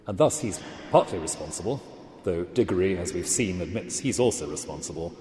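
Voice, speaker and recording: A man giving a literature lecture, speaking deliberately and with emphasis. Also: low-pitched, lively intonation, dark tone, roomy sound, in a large hall, slight background noise.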